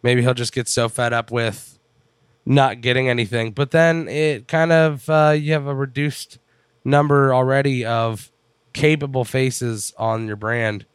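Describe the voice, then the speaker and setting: A man chatting loosely about wrestling as a podcast co-host, with wry asides and some swearing. His voice is smooth and clear. The recording is dry and close. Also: medium pitch, fairly even intonation, a little slow, no echo. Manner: rambling, wry, sprinkled with swearing. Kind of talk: casual chat.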